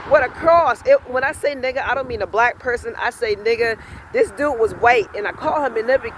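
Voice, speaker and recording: A man's voice: very high-pitched, noisy background. A man telling a heated story in a casual, profane rant, acting out both sides of an argument. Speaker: self-styled spiritual vlogger.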